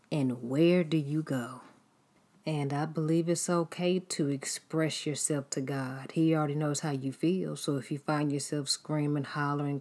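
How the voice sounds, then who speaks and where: A woman's voice: low-pitched, a little mellow. A woman giving an earnest devotional talk, asking her listeners rhetorical questions. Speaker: Christian speaker.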